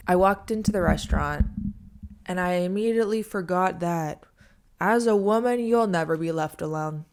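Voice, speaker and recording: A young woman hosts her podcast and tells a casual, chatty story, with "like" in every other phrase. Her voice sits a bit low for a woman. Now and then she sinks into a hushed aside before picking the pace back up. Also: normal speed. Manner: chatty, heavy use of "like", drops to hushed asides. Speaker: podcast host.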